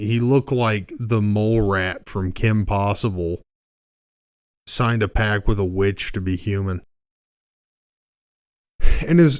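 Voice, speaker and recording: Thirties male podcast host, low-pitched, unhurried, crude joking storyteller, dry sound. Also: smooth, no room sound. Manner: profane, rambling, joking. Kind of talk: casual comedic storytelling.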